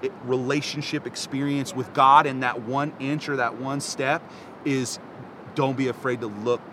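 Bright, animated male co-host, rambling casual talk, faint street rumble. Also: normal speed. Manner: animated, rambling, laughs often. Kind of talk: casual chat.

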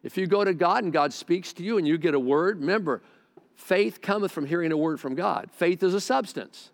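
Fairly quick and high-pitched, a male pastor gives a sermon to his congregation in a conversational way, stumbling into restarts and adding side remarks. A close mic catches his voice in a large hall with long, echoing church reverb.

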